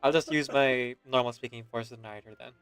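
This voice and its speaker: A man's voice: medium pitch, fast, smooth, no echo, faint music behind. A man hosting a live stream, talking casually and laughing often with his co-host. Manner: relaxed, chatty, laughs often.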